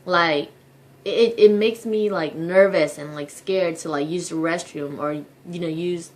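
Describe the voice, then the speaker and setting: A young woman with a fairly low, unhurried voice rants to camera in a casual vlog. Exasperated, she swears constantly and leans heavily on filler words as she talks to her viewers.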